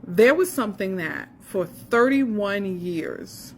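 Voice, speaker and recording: A woman's voice: medium pitch, lively intonation, slow, a little hiss or hum. A woman in her forties, a faith coach, sharing an earnest and emotional personal testimony and speaking straight to the listener. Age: 40s.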